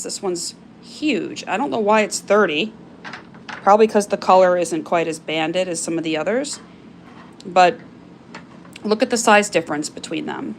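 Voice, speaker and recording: A woman with a medium-pitched voice hosts a casual live-stream sale of crystal carvings, gushing chattily over each item she shows and using frequent fillers. There is slight background noise.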